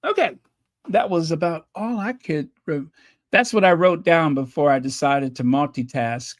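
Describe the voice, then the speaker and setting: On a casual livestream, a man with a somewhat high voice reads viewers' messages aloud at a moderate pace, chatty and apologetic, with nervous laughter. The recording is dry and studio quality.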